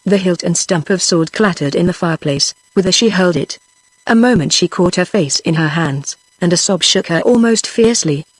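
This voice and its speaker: Computer-voiced british lady reading a book aloud, dry close sound, steady and even. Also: on the low side, normal speed, husky, dry recording, low-quality recording. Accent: British English. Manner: even, steady text-to-speech delivery. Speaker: audiobook narrator. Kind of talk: synthetic audiobook narration.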